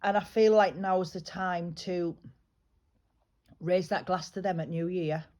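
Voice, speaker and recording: A woman working as a psychic medium, giving a private reading in a chatty, reassuring way, often pausing and restarting her sentences. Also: lowish voice, steady tone, darkish tone. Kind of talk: private spiritual reading, casual chat.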